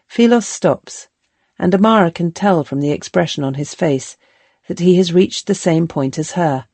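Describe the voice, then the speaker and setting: A woman narrating a historical novel as an audiobook in a calm, measured storytelling manner. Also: sits low, no echo.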